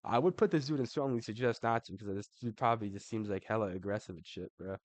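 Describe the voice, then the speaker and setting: A young man with a lowish voice talks through a casual ranking, loose and profane and full of slang. He tacks "bro" onto almost every thought. The sound is close and dry, with no room echo. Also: fast. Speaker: MMA commentator.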